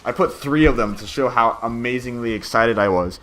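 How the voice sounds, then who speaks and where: A man's voice: medium pitch, normal speed, few pauses, fairly bright tone, soft background music. A man talking through a game walkthrough in a rambling, chatty way, swearing casually as he goes. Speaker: gameplay commentator.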